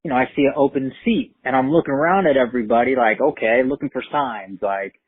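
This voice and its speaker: Husky streetwise New man, tinny line. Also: mid-range voice, fast talker, dry recording. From Brooklyn, New York. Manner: profane, streetwise, animated. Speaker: storyteller. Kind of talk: casual spoken storytelling. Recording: tinny phone-like line, dry.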